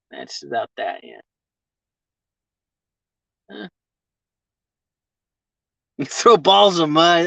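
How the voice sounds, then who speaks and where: A man's voice: fairly high pitch, sharp tone, no room sound. A man chats loosely with his live viewers from his vehicle, rambling from one thought to the next and swearing freely. He laughs often as he talks. The sound is dull and lo-fi, with a close, dry feel. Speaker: livestreamer chatting with viewers. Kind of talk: casual live chat. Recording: dull lo-fi stream audio.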